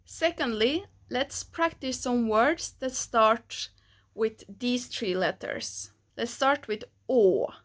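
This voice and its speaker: Woman language teacher, fairly high voice, slow and patient delivery. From Sweden. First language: Swedish. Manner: slow and patient, models sounds for the learner to repeat. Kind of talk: pronunciation lesson.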